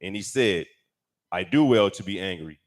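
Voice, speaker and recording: A man reading scripture aloud in a steady, measured way, away from the microphone. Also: sits low. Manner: steady, measured reading of old-fashioned text. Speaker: scripture reader.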